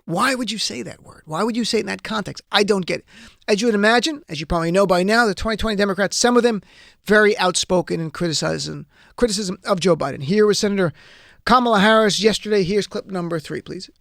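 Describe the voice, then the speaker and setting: Gravelly high-voiced male talk host. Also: fast talker, a bit bright, no room sound, studio quality. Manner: emphatic, sarcastic, argumentative. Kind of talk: political commentary. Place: radio studio.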